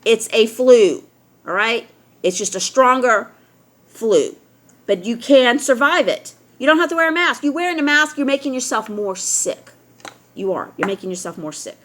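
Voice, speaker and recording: Middle-aged woman, blunt and preachy vlogger, higher voice with a bright, sharp edge. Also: animated, moderate pace. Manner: blunt and lecturing, keeps asking "all right?". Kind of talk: opinionated talk to camera.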